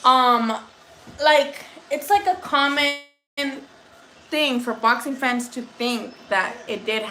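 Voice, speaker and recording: A woman's voice: on the high side, takes it slowly, bright, forceful tone. A woman hosting a boxing livestream from home, chatting casually and profanely with viewers and laughing often.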